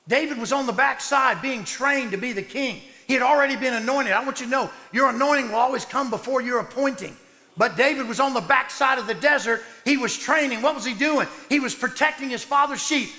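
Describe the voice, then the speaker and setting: A man, a pastor preaching a sermon in loud excited bursts that drop low and soft. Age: 60s. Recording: long hall reverb.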